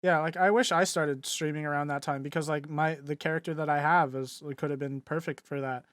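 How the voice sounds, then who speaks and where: A man's voice: on the high side, fairly even intonation, a little fast, a bit bright, no echo, clean studio sound. A young man co-hosting a podcast and chatting casually, rambling with lots of fillers. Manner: rambling, filler-heavy, laughs easily. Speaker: podcast co-host and streamer. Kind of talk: casual chat.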